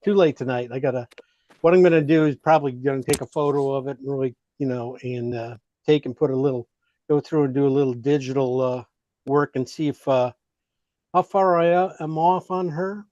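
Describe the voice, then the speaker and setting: A man's voice: medium pitch, fairly quick, a little mellow, no room sound, muffled recording. A man teaching an online painting class, giving rambling, encouraging feedback full of fillers.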